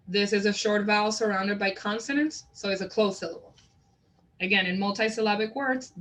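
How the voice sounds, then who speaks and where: Woman slowly modeling words for teachers. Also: medium pitch, fairly bright tone, rough recording. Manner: slow, deliberate word modeling; explanatory teacher talk. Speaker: literacy trainer. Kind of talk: instructional demonstration.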